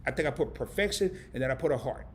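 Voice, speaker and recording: A man's voice: mid-range voice, animated, quick pace, slight background noise. A middle-aged man from a small town in Arkansas, hosting a live stream and chatting casually in a joking, rambling way. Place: indoors under camera lights.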